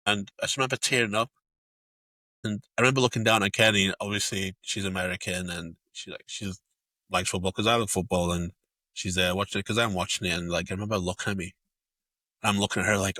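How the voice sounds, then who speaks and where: Male podcast co-host, low and bright, an animated, sweary storyteller. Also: fairly quick, no room sound. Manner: animated storyteller, swears freely, many fillers. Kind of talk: casual storytelling chat.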